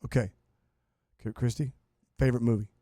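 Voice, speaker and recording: A man's voice: mid-range voice, fairly even intonation, a little fast, warm tone, dry recording, clean studio sound. A man in his forties hosting a podcast, chatting casually and joking with interjections. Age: 40s. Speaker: podcast host.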